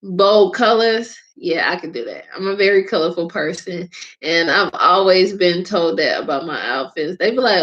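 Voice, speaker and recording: Female host from Georgia with a Southern accent, mid-pitched, unhurried, chatty and laughing, on a muffled low-fi recording. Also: animated, a bit bright. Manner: rambling, laughs often, drawn-out words. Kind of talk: casual chat.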